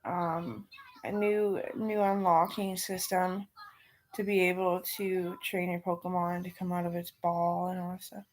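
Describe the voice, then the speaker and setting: A woman vlogging while doing her makeup. She tells a story casually, replays old conversations as back-and-forth dialogue, swears offhandedly, and sometimes drops into soft, quiet asides. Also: on the low side, level tone, a little slow, rough recording.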